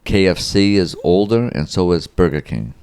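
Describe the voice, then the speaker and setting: A man's voice: low voice, expressive, normal speed, a little mellow, smooth, dry recording. A man chatting as a podcast guest, giving short, literal answers. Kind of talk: casual chat.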